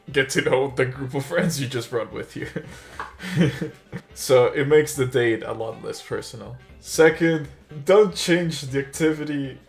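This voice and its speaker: A young man in a casual storytime vlog, rambling through his tale with plenty of filler words and the odd chuckle. His voice sits at an ordinary middle pitch, with soft music running faintly underneath. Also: vocal fry. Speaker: vlogger.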